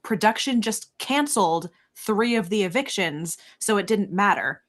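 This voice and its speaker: A woman's voice: mid-range voice, animated, normal speed, hardly any pauses. A woman co-hosting a reality TV podcast, laying out her points in emphatic, clipped lists with a casual, chatty delivery. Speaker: podcast co-host. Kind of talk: casual chat.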